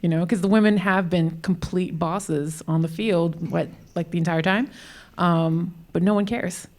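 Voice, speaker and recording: A woman's voice: lowish voice, fairly even intonation, measured pace, darkish tone. A woman from the audience asking a hesitant question at a live Q&A, with many fillers.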